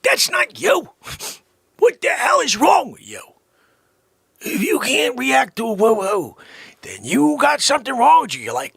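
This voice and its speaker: An excitable man hosts a comedy vlog and swings between shouting and near-whispered asides. His voice sits high and leaps all over the place, bright with some husky grit. The sound is dry and close, with faint music behind him. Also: slow pace, long pauses, dry recording. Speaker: host.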